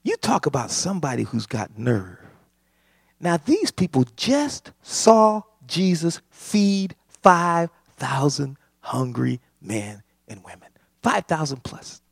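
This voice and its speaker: A man preaching a sermon, impassioned and building to shouts. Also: a little high, sing-song, slow pace, vocal fry, husky, no echo, studio quality. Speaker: pastor.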